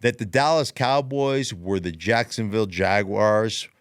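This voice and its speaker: A man's voice: fairly low pitch, unhurried, clear, resonant tone, dry recording, clean studio sound. A middle-aged man hosting a casual sports podcast, telling stories with emphatic repetition. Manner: animated storyteller, emphatic repetition. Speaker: podcast host, former player and analyst.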